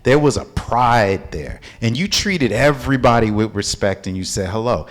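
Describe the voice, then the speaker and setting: A man from Houston, a company founder, tells a story in an interview. He is animated and acts out the people he describes. His delivery has the easy rhythm of a practiced storyteller. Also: medium pitch, moderate pace. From Houston, Texas.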